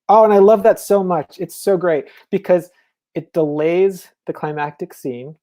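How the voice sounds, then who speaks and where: A man with a mellow, warm voice gives a relaxed festival talk on the craft of writing. He is enthusiastic and conversational, sprinkling in fillers and asides as he explains. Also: high-pitched, a little slow. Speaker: novelist, festival speaker. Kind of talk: casual lecture on writing.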